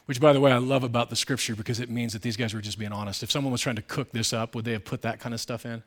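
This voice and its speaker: A man preaching a sermon in a conversational, candid way, full of asides, who swings between loud emphatic bursts and quiet low asides. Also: fairly even intonation, rapid-fire. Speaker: pastor.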